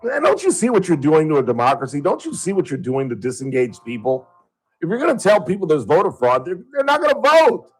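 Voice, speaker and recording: Talk radio host, male. Heated sarcastic ranter with a high, very lively voice. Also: brisk, slightly rough, faint music behind, rough recording.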